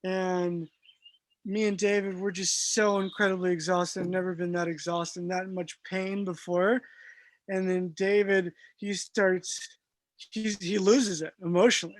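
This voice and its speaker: A man guest telling a personal story in a casual, animated way, laughing often and using lots of fillers. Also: sits high, a little slow, dry recording.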